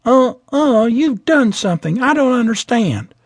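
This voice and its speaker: A man's voice: lively intonation, measured pace, breathy edge, no room sound, exaggerated voice. A man voicing a young woman flight attendant, who turns from sassy to scared and stammering, in an audiobook. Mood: bewildered. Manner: high, breathless, stammering.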